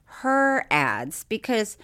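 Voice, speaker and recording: A woman's voice: on the high side, sing-song, very slow, fairly bright tone. A woman co-hosting a casual podcast chat, laughing often and acting out quotes. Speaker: podcast co-host.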